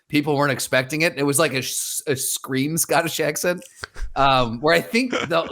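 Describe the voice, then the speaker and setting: A man co-hosting a podcast, recounting old stories in relaxed, casual chat. His voice sits at an ordinary middle pitch, and he circles back and restarts as he remembers details. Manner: rambling storyteller, many restarts and fillers. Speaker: podcast co-host.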